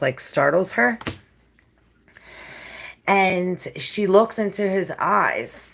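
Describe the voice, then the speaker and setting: A woman reads tarot cards in a loose, musing way and drifts from thought to thought with plenty of fillers. Her voice sits a bit low and has a gravelly, husky edge. She sounds dreamy and unhurried as she talks through what she sees. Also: a bit bright. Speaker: tarot reader. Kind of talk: casual tarot reading.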